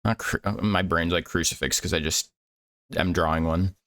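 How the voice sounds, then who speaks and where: A man's voice: low-pitched, steady tone, normal speed, a bit bright. A man streaming while he draws, chatting casually, rambling and chuckling as he searches for words. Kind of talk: casual chat while drawing.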